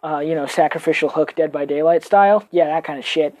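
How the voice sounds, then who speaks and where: A young woman telling a personal story on her podcast, casual and animated, swearing and acting out the people she quotes in different voices. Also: low voice, a little fast. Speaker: podcast host.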